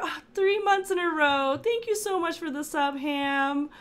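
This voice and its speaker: A woman streaming games in casual chat, excitable and exclaiming often, on a desk microphone. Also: high voice, measured pace. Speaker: game streamer. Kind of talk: casual gaming livestream chat.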